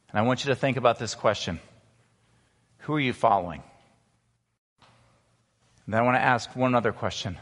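A man pastor preaching a sermon, emphatic, slowing down to stress key words. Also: medium pitch, fairly bright tone. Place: church sanctuary. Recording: long reverb of a large hall.

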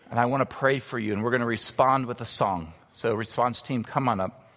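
A man pastor preaching a sermon, emphatic, slowing down to stress key words. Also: medium pitch, a bit bright. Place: church sanctuary. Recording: long reverb of a large hall.

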